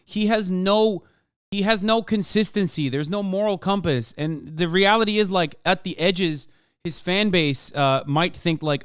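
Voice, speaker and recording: Smooth-voiced man ranting on a livestream. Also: high-pitched, a little slow, a bit bright, no room sound, clean studio sound. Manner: heated, ranting, mocking. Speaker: streamer reacting to clips. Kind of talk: casual profane livestream commentary.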